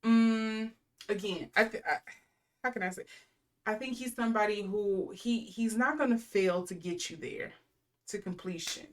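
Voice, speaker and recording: A woman's voice: mid-range voice, moderate pace. A woman in her thirties giving a casual intuitive tarot reading. She rambles with lots of fillers and reels off lists of card keywords. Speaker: tarot reader.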